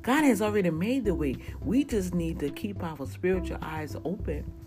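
A woman giving a casual spiritual testimony, talking straight to her viewers in an animated, preachy way. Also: on the low side, moderate pace. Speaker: vlogger sharing a testimony. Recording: music playing behind the voice.

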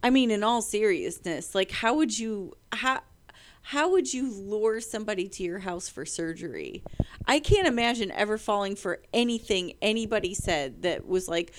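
A woman with a mid-pitched voice co-hosts a podcast, reading out strange news with an animated, playful delivery. She laughs often and reacts loudly to what she reads. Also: moderate pace. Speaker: podcast co-host. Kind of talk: casual comedic chat, reading news stories.

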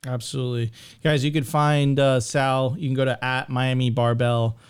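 A man talking casually on a podcast, often pausing and searching for the right words. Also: medium pitch, little pitch movement, clean tone. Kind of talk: casual conversation.

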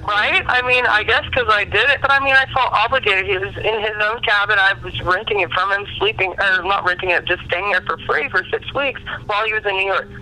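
A woman's voice: medium pitch, fairly quick, hardly any pauses, bright, forceful tone, a little hiss or hum, low-quality recording. A young adult woman comedian telling candid stories in a casual podcast chat, swearing freely. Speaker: comedian guest.

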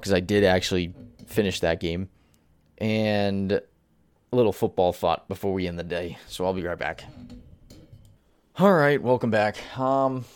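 A man hosting a solo commentary podcast, ranting in an exasperated way. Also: on the low side. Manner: ranting, exasperated, swears at target. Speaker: podcast host.

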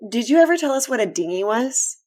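A woman's voice: on the high side, big pitch swings, fast, darkish tone. A woman co-hosting a casual podcast, reacting with questions and wry asides. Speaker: podcast co-host. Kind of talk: casual chat.

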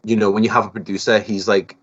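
A young man with a Liverpool accent, a guest musician chatting casually on a podcast in a relaxed, rambling way. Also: lowish voice, fast, dull audio. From Liverpool, England.

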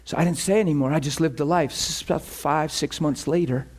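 A man's voice: fairly high pitch, brisk, breathy edge. A male pastor delivering a sermon, telling a personal story with frequent laughter and voicing quoted people. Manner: animated, laughs often, voices quoted people.

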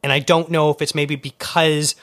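A man hosting a casual film podcast who sets up topics and asks his guest questions. He speaks in a measured way, and his voice is a little higher than most men's. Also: flat delivery, a bit bright. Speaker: podcast host.

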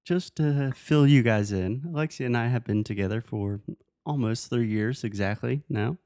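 A man's voice: mid-range voice, normal speed, mellow, no echo, studio quality. A man co-hosting a podcast, patiently walking his partner through English pronunciation in casual conversation. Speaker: podcast co-host and English teacher.

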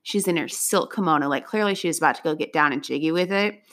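A fast-talking young adult woman with a deep voice tells a personal anecdote as a storyteller. Her style is casual, animated, and full of profanity, with loud outbursts breaking through at times.

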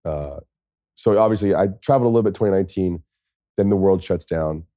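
An American man in his thirties, a podcast guest, telling stories in a casual, lively way, swearing now and then. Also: deep voice, fast talker, dry recording, clean studio sound. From United States. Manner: lively, swears, acts out quoted speech. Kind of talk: casual storytelling.

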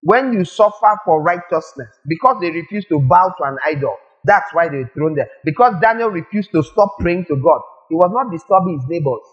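A male preacher giving a lively sermon, firing rhetorical questions at the congregation and acting out little scenes. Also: on the high side, fairly quick, hardly any pauses, muffled recording.

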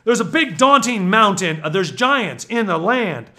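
A man preaching with excitable energy, swinging from low murmurs to shouted exhortations. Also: unhurried.

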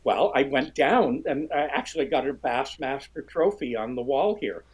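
Husky guy, middle-aged, telling a story all animated, lots of restarts. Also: normal speed, low-quality recording. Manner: animated storyteller, restarts often, jumps high when quoting others. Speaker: guest, fishing writer. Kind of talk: storytelling conversation.

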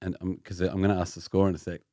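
A man's voice: low-pitched, level tone, quick pace, dark tone, no echo, studio quality. A man hosting a casual podcast chat, playfully quizzing his co-hosts. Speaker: podcast host.

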